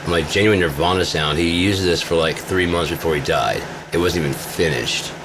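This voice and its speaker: A man with a very deep, low voice rambles through a casual vlog, swearing freely and boasting. A steady noise sits clearly behind him, like a vehicle humming. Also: moderate pace. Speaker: vlogger.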